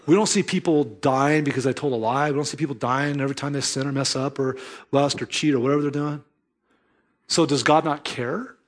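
A man preaching a sermon as pastor, earnest and emphatic, mixing scripture with storytelling. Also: medium pitch.

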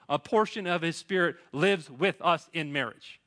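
A man's voice: a little high, moderate pace, pushed and bright. A man in his thirties preaching a sermon as pastor, earnest and pleading, with frequent restarts.

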